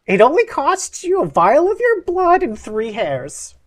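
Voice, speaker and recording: A woman's voice: high-pitched, wildly swooping pitch, unhurried, voice pushed up, full character voice. A woman voicing a hunched old hag who sells zombies, with an eager sing-song shopkeeper patter. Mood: wheedling. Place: online voice call.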